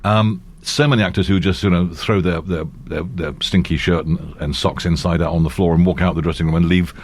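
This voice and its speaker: A man's voice: sits low, fairly even intonation, fairly quick. An older male actor chatting as an interview guest, telling rambling anecdotes with frequent restarts and easy laughter. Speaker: actor and voiceover artist guest. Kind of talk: casual interview chat.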